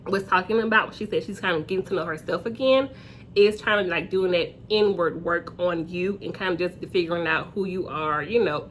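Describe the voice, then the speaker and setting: A woman hosting a casual reality TV recap, chatty and acting out quotes in high voices. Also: slight background noise.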